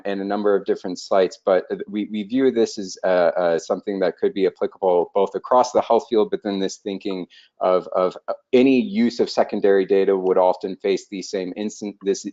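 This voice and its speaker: A man's voice: low-pitched, darkish tone. A man giving a technical webinar presentation, hesitant, with many fillers and restarts. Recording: dull lo-fi online call audio.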